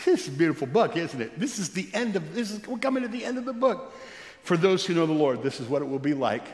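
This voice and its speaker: A man preaching a sermon as pastor, swinging between loud rising exclamations and soft, low storytelling. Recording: echoey church hall with long reverb.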